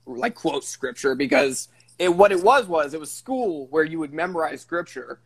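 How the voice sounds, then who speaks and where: A man's voice: on the high side, animated, normal speed, husky, rough recording. A man co-hosting a live stream, chatting casually, swearing and laughing along with his guest. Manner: laughing, swearing, eager agreement. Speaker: podcast co-host. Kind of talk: casual comedic chat. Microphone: livestream call.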